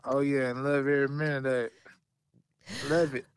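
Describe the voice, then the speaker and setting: A man's voice: medium pitch, little pitch movement, brisk, clean tone, dry recording. A man from Birmingham, Alabama with a Southern accent, bantering playfully as a podcast co-host. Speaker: guest co-host. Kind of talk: casual podcast chat.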